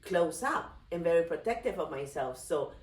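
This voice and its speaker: A woman's voice: fairly low pitch, animated, normal speed. A woman in her fifties talking earnestly and reflectively in a casual podcast chat. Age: 50s. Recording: roomy sound from a distant mic.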